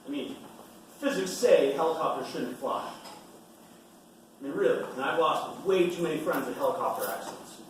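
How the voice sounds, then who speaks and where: A man gives a motivational talk, hammering his points home by repeating them. His voice sits a little high for a man and comes from well back in a very echoey hall, with a faint hiss underneath. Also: expressive, normal speed, long pauses, recorded from a distance. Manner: emphatic, repeats key points. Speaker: retired Navy SEAL speaking to students.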